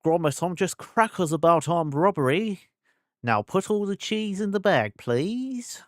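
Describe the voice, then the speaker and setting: A cheerful older British inventor, jolly and hammy, pitched well above his own voice, as a streamer puts him on. The impression is exaggerated and playful, as if out of a claymation cartoon. The sound is dry and close, with little room around it. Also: animated, unhurried, dry recording.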